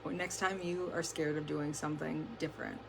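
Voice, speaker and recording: A woman's voice: sits low, level tone, brisk, vocal fry, music in the background. Chatty woman giving a motivational talk. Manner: chatty, swears casually, fillers like "like". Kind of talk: casual motivational livestream talk. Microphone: camera close up, adjusted during stream.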